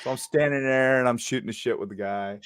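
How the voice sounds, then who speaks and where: His voice is mid-range and clean, and he talks fast. The speaker is a middle-aged man who used to be a police officer, casually and energetically telling his viewers a story face to face.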